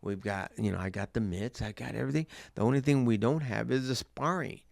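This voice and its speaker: A man's voice: mid-range voice, fairly quick, gravelly, dry recording. A middle-aged man, a boxing coach, telling stories in a casual interview with lots of fillers. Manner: animated storyteller with many fillers.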